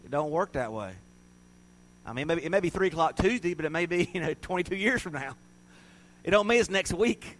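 Male pastor, sermon delivery, slightly high voice, shifts between booming and hushed. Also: a little fast, a little hiss or hum, low-quality recording. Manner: swings from loud animated storytelling to soft hushed reflection.

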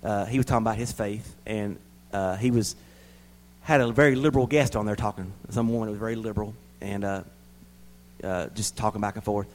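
A man preaching a sermon in a folksy way, repeating words for emphasis and swinging between loud emphatic bursts and quiet asides. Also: fairly low pitch, steady tone, brisk, low-quality recording.

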